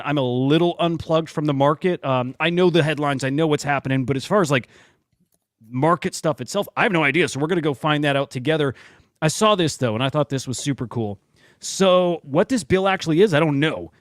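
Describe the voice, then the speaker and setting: A man's voice: a little high, dry recording, clean studio sound. A man hosting a live stream, talking loosely and with self-deprecating jokes. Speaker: show host. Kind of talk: casual live-stream chat.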